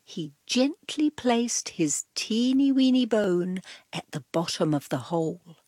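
A woman reading a children's storybook aloud in a soft, gentle voice that dips into whispers. Her pitch rolls expressively while the pace stays unhurried. The recording is close and dry. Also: animated, no room sound. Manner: soft, drops to whispers on tags.

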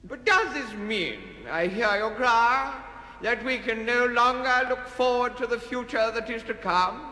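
A pompous windbag politician holds forth in a high, piercingly bright voice. He speaks slowly, in an orotund and evasive way. The sound rings in a roomy hall with a long tail of reverb. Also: heavily acted. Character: pompous windbag male politician, middle-aged. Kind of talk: comic political speech recording.

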